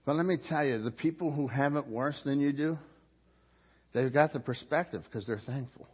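A man's voice: mid-range voice, normal speed, husky, muffled recording. A middle-aged male pastor preaching a conversational sermon, full of rhetorical questions and restarts.

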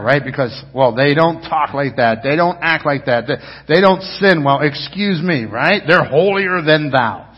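Male preacher, fairly high husky voice, emphatic sermon, dull recording in a reverberant hall. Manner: emphatic preaching with repeated words and calls to the congregation. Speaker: pastor.

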